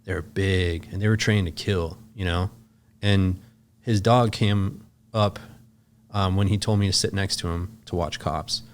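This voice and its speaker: A man's voice: sits low, steady tone, measured pace, a little hiss or hum. A man, a podcast guest, telling a long story in casual, loose speech full of filler words and swearing.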